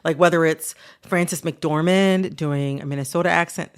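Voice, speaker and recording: Chatty woman podcast host with a lowish, gravelly voice. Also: steady tone, moderate pace. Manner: chatty, frequent "like" and "you know". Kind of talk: conversational interview.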